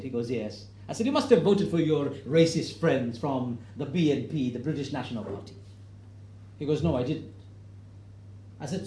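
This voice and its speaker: A mellow-toned man, middle-aged, tells a story from a stage, slipping into the voices of the people in it and building to loud, emphatic points. His voice sits a little high for a man. The hall around him is roomy and echoey. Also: sing-song, brisk, pauses often. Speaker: speaker giving a talk to an audience. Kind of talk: storytelling public talk. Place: hall with an audience.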